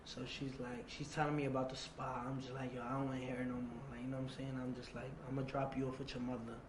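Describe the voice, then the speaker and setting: A man telling a long personal story in an interview. He repeats phrases, acts out remembered dialogue and drops to a low, quiet voice for the tense parts. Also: flat delivery, fast, background noise. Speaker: interview guest. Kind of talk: casual storytelling. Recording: roomy echo.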